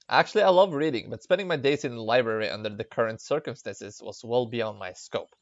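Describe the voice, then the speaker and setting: A man's voice: medium pitch, normal speed, hardly any pauses, no echo, highs cut off. A man from Norway, giving chatty, giggly commentary while reading a visual novel aloud. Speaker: let's play gamer.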